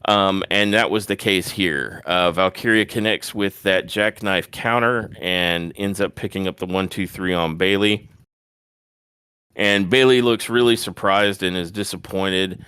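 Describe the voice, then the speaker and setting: A man co-hosting a podcast, giving a detailed, casual play-by-play recap of a wrestling match with animated asides. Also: deep voice, measured pace, clean tone, dry recording, clean studio sound. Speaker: podcast co-host.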